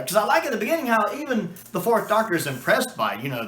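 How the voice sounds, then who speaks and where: Man, casual review chat, enthusiastic, fairly high voice, echoey room. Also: wildly swooping pitch, quick pace, hardly any pauses, a bit bright. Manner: enthusiastic, acts out quoted lines. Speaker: video reviewer.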